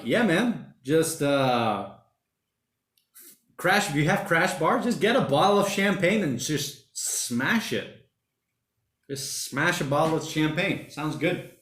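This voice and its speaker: A man's voice: fairly high pitch, big pitch swings, slow, pauses often. Rambling man chatting on a roomy livestream. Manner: rambling, thinking out loud, says mate and man a lot. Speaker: livestream host reading viewer chat. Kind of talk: casual solo livestream chat. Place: home during lockdown. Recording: roomy home room echo.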